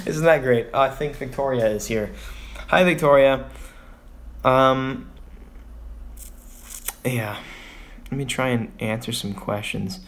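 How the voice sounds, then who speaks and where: A young man from Texas talks to his livestream viewers in a loose, rambling way. He sighs often and circles back to his frustration. His voice sits at an ordinary middle pitch. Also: takes it slowly, long pauses, a bit bright, slight background noise. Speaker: vlogger on a livestream. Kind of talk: casual livestream venting.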